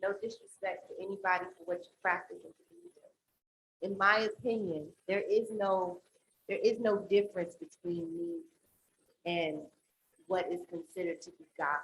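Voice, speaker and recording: A woman's voice: medium pitch, expressive, moderate pace, slight background noise. A woman panelist sharing personal views in a reflective, musing way, with many fillers. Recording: echoey room.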